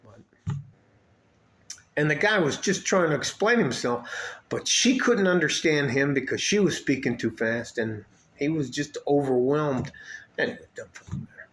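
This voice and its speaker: A man's voice: fairly high pitch, animated, moderate pace, fairly bright tone, slight background noise. Laid-back man, rambling and profane. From West Texas, El Paso. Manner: profane, laid-back, trailing restarts and chuckles. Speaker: vlogger. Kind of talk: casual rambling monologue.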